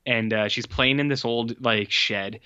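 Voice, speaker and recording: Unhurried and smooth, a male podcast co-host casually walks through a movie's plot, rambling with lots of likes and uhs. His mid-range voice is bright and forceful with fairly even intonation. The audio is dull, with no echo.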